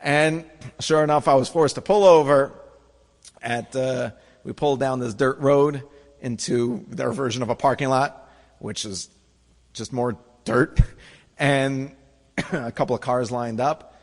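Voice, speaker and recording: A man, a rabbi, telling a comic story to an audience in an animated way, with quick restarts and acted-out asides. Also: mid-range voice. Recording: echoey hall.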